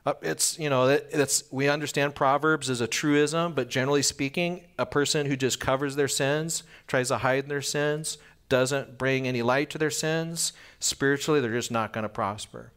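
A man's voice: medium pitch, steady tone, a bit bright, clear, resonant tone. Conversational man preaching a sermon. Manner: acts out little scenes with quick voice changes; conversational, asks the listeners questions. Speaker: pastor.

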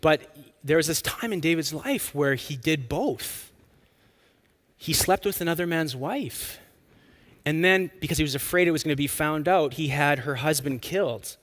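A man preaching a sermon in an earnest, expressive way, drawing out key lines for emphasis. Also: fairly high pitch, moderate pace. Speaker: pastor.

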